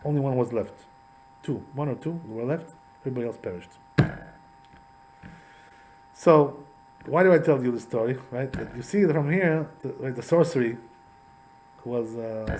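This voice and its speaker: On poor audio with slight background noise, a rabbi of medium pitch leads a Torah class. He conversationally retells a story with animation, frequently turning to his listeners with repetitive asides.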